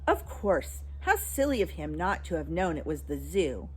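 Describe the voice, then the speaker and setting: Husky, expressive woman reading aloud. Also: low voice, normal speed. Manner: expressive, storytelling. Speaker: storybook reader. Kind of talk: reading a children's book aloud.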